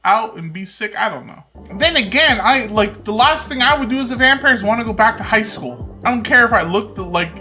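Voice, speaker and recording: A woman's voice: a little high, lively intonation, fairly quick, hardly any pauses, sharp tone, soft background music. A woman hosting a reaction video, giving casual, jokey commentary full of sarcastic asides.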